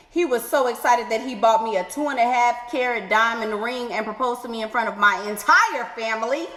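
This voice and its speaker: Woman, sassy advice vlogger, high voice, echoey room with long ringing reverb. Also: a bit bright. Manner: sassy, exclaiming, playful drawn-out asides. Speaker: advice vlogger reading letters. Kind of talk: animated advice commentary.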